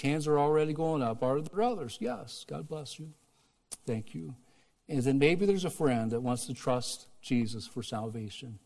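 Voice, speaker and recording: Earnest pastor preaching in a reverberant hall. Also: male voice, on the high side, lively intonation, moderate pace, creaky. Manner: earnest, swings from emphatic to hushed. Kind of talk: sermon with altar call. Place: church sanctuary.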